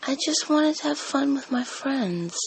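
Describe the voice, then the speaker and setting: Hushed, pleading woman on a phone call, gravelly fry in the voice. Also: sits high, measured pace, slight background noise. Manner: pleading, hushed, trying to calm the caller.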